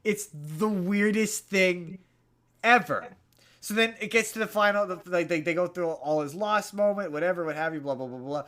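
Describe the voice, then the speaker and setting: A man on a podcast rambles through a movie recap in casual chat, stumbling over restarts and repeated words. His voice sits a little high for a man. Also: normal speed, a bit bright. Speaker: podcast host.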